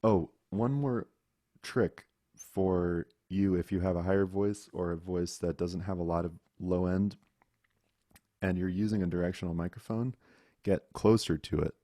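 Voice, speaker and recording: A man's voice: deep voice, steady tone, measured pace, mellow, no room sound, clean studio sound. A man teaching an online class about microphones, explaining patiently and showing how mic distance changes the sound. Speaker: audio instructor. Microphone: microphone close up, video call.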